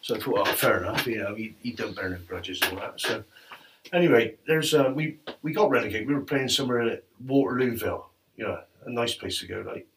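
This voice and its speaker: A middle-aged man telling animated football stories in casual chat, laughing often. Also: medium pitch, brisk. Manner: laughs often, animated anecdotes, quotes others. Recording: distant mic with faint noise.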